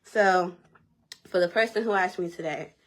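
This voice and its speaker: A young woman vlogger telling a personal story in a casual, animated, slangy way. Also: on the low side, moderate pace. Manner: animated, repeats herself, slangy and conversational.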